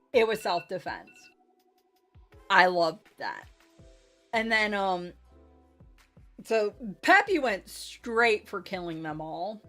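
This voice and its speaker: A woman game master recapping a tabletop game session in a casual, chatty way, with lots of "like" and "um". She gushes over the players' moves in a mid-pitched voice, with faint music behind. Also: fairly bright tone. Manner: chatty, filler-heavy with frequent "like" and "um"; gushing.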